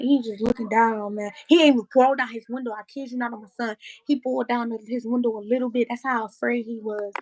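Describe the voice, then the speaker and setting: A woman's voice: fairly high pitch, dry recording, low-quality recording. A young woman tells an emotional, profane story in her own vlog, blunt and raw. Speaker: vlogger.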